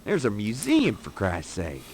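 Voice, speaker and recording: An actor playing a gruff, dismissive male police detective in a 1990s adventure game. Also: fairly low pitch, huge pitch swings, a little slow, darkish tone, slight background noise, exaggerated voice. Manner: dismissive, mocking.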